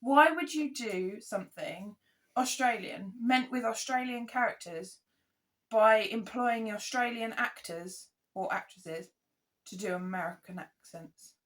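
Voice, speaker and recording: A woman co-hosting a podcast in casual chat, animated and exasperated as she rants. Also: fairly high pitch, measured pace. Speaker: podcast co-host.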